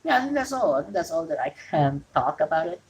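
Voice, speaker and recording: A woman's voice: low voice, very animated, fast, poor audio. A woman from Indonesia, an English speaker, hosting a casual solo wrestling talk show from home and rambling with frequent self-corrections. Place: home during rain.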